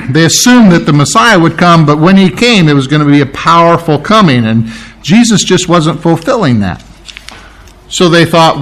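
A man's voice: on the high side, lively intonation, moderate pace, a bit bright. A man, preaching a conversational sermon, often restarting and correcting himself. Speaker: pastor.

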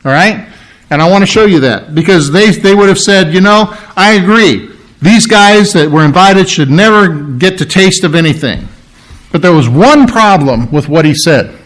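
A man with a fairly high voice preaches a sermon with emphatic, animated delivery. He acts out quoted lines and stretches key phrases for weight. He clears his throat now and then. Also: moderate pace. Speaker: pastor.

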